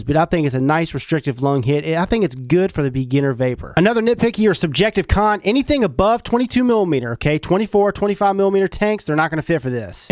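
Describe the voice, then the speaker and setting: A man's voice: high-pitched, no echo, clean studio sound. A man giving a casual, slangy product review, talking the viewer through a device.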